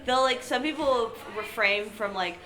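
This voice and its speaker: A woman's voice: a little high, moderate pace, a bit bright, a little hiss or hum, rough recording. A woman in a casual group discussion, talking earnestly and often restarting her sentences. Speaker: discussion participant. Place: outdoor event with crowd nearby. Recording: crowd chatter behind.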